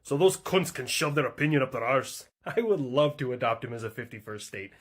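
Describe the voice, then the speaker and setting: A man's voice: mid-range voice, lively intonation, a little fast, husky. A man narrating a comedy skit with wry, crude asides. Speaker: comedy YouTuber.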